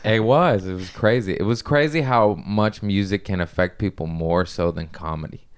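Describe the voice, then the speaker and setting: A man's voice: on the low side, moderate pace, clean tone. A man, a stand-up comedian, telling rambling, profane stories in a casual podcast chat.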